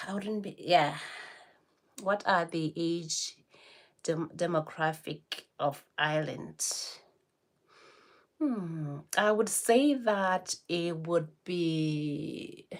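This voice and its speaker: A woman's voice: fairly low pitch, very slow, long pauses. A woman in her forties from Botswana hosting a casual livestream, chatting with viewers and laughing often between remarks. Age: 40s. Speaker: livestream host. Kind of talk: casual livestream chat, answering viewer comments.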